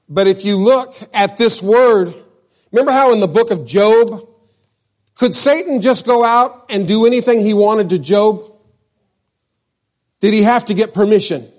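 A man's voice: high voice, darkish tone. A male pastor from New Mexico preaching a sermon, asking his congregation questions and drawing out key words.

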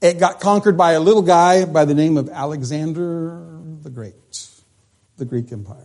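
A man's voice: on the high side, normal speed, darkish tone. A male pastor preaching a conversational sermon in church, asking the congregation questions as he goes.

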